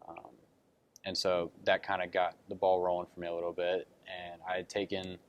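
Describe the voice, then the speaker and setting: A man's voice: low-pitched, completely flat delivery, moderate pace, smooth, dull audio. A young man answering interview questions about being recruited, telling his story earnestly with lots of fillers and retold quotes. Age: young adult. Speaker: college basketball recruit.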